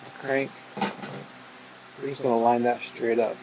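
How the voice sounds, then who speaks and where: A man casually talking through a repair step by step, in a plain, unhurried way as he works in a garage. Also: mid-range voice, level tone, noisy background. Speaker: mechanic demonstrating repairs. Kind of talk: casual step-by-step how-to instruction.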